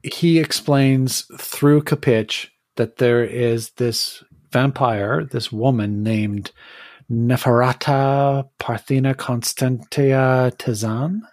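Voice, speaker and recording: Slow, hesitant male game master. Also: mid-range voice, fairly even intonation, a little mellow, no echo. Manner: unhurried, hesitant with fillers and restarts. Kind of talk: narrating a tabletop game.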